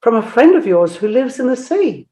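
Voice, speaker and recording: A woman voicing a sly, venomous female snake who speaks softly and mockingly. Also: fairly high pitch, very animated, moderate pace, voice pushed up. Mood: menacing. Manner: hissing, mocking, soft and menacing.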